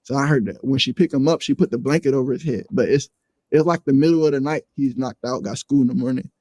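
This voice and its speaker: A man in casual conversation tells a long story with lots of cursing and street slang. His voice sits at an ordinary pitch, and the recording is close and dry, with no room sound around it. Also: fast, no room sound. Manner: animated, profane, slangy retelling; acts out quoted voices.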